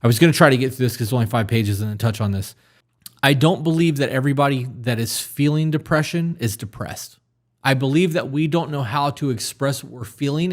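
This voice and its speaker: A man's voice: medium pitch, brisk. A man hosting an advice podcast for men, talking candidly and earnestly, with casual swearing. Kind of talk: casual advice talk, reading a listener email.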